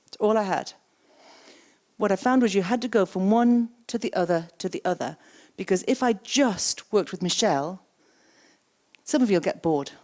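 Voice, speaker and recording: A woman's voice: mid-range voice, lively intonation, normal speed, a little mellow. A woman giving an interactive keynote on coaching. She repeats the audience's words back and asks them questions. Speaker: keynote speaker and coaching trainer. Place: conference stage.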